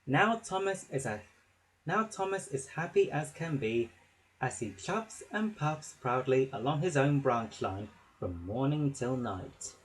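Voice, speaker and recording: A man narrating a children's story with a slow, expressive reading. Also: mid-range voice, low-quality recording.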